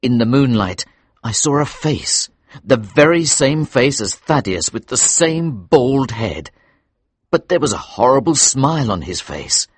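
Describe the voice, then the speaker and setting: A man reading a story aloud for English learners, slow, clear and expressive. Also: mid-range voice, no echo.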